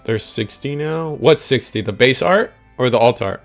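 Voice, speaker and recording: A man's voice: mid-range voice, expressive, normal speed, faint music behind. Rambling, slangy young man commentating. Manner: rambling and slangy, talks to chat. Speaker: stream host and commentator. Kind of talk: casual live commentary on a card game.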